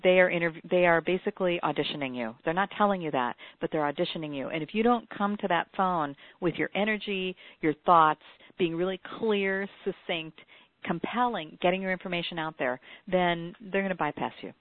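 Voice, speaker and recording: Animated woman telling stories over tinny audio. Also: fairly low pitch, fairly quick, no echo. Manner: animated storyteller, acts out quotes. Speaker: podcast co-host, former radio interviewer. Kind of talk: casual chat, anecdote. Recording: dry, tinny phone-like sound.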